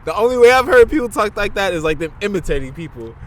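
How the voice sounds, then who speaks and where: A man's voice: sits high, sing-song, quick pace, fairly bright tone. A young man from Southern California co-hosting a podcast, laid-back and joking, laughing often in casual chat. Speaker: podcast co-host.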